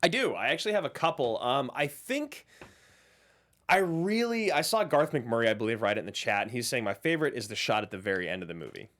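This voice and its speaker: A man in casual film talk whose pitch swings widely, jumping into loud put-on voices when he quotes scenes. He sits at a middle height of voice and co-hosts over a remote setup. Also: quick pace. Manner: animated, acts out movie lines in big voices. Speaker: film podcast co-host.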